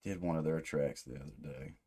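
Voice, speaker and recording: Low-voiced guy reacting to a metal song, rambly, keeps restarting his thoughts. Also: fairly even intonation, quick pace, dark tone, breathy edge. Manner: rambling, thinks aloud with many restarts. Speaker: music reaction channel host. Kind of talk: casual reaction commentary.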